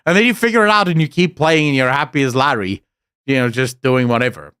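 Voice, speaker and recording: A man's voice: medium pitch, animated, fairly quick, a bit bright, clean tone, no room sound. South african guy streaming, swears a lot, blunt storyteller, dry close sound. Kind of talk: casual chat.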